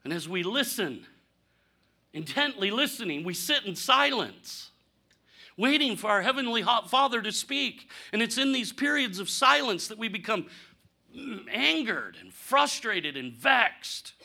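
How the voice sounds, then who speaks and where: A man preaching a conversational sermon, candid and humorous, asking rhetorical questions and swinging from punchy lines to near-quiet asides. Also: high-pitched, unhurried. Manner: animated, rhetorical questions, sudden drops to quiet; candid, self-deprecating humor. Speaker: pastor.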